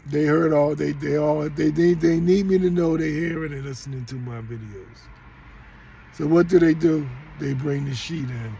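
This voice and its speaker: A man's voice: fairly high pitch, moderate pace, vocal fry, dark tone, slight background noise, poor audio. A middle-aged man telling a rambling story straight to his viewers, often repeating and restarting himself. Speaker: vlogger. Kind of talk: casual storytelling monologue.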